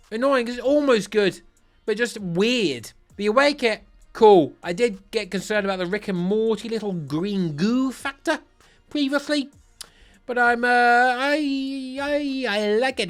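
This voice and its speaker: Giddy, animated man ranking kits. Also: extremely high pitch. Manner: playful, giddy, self-mocking; restarts and stutters often. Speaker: football kit reviewer. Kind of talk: casual ranking commentary.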